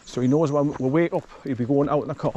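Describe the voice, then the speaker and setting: Walking his dog down a forest track, a man keeps up a rambling, often chuckling vlog commentary recorded on a camera he holds. His fast delivery pairs a somewhat high pitch with a dark tone. The audio is dull and carries a little hiss or hum.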